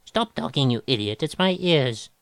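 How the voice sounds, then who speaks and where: A man's voice: mid-range voice, lively intonation, moderate pace, dry recording, lightly acted. A man voicing a frazzled composer who snaps and pleads in a panic. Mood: frantic. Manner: tense, exasperated.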